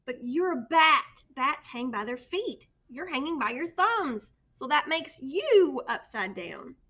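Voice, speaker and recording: A woman voicing a grown-up bat who speaks loudly and matter-of-factly. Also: high-pitched, lively intonation, lo-fi sound, voice pushed up, full character voice. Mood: blunt. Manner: loud, matter-of-fact, slow. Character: blunt, loud grown-up bat.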